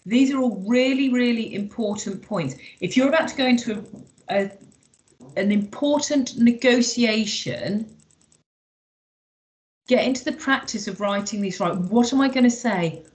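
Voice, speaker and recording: A woman's voice: on the high side, unhurried, long pauses, low-quality recording. Chatty woman trainer on a video call. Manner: chatty, lots of "you know" fillers. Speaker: workshop trainer. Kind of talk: online workshop presentation.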